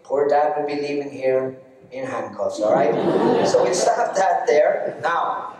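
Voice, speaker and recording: With an expressive, rather high voice and an unhurried pace, an Irish storyteller teases his way through comic tales on an arts centre stage. There's heavy background noise. The recording is distant, with the hall's echo audible.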